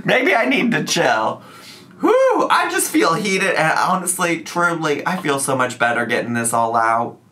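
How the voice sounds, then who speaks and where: A man talking casually to his camera in a vlog, chatty and animated, now and then slipping into a joking southern twang. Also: mid-range voice. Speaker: YouTuber.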